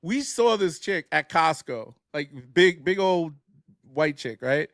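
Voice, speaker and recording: A young adult man co-hosting a podcast, telling loud, profane, laughing stories in casual banter. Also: on the high side, expressive, takes it slowly, crowd noise. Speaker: podcast co-host.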